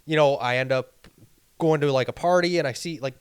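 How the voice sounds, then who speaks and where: A man's voice: fairly high pitch, a little fast, smooth, no room sound. A young man co-hosting a podcast, talking earnestly in a rambling way with many restarts. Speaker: podcast co-host. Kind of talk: casual chat.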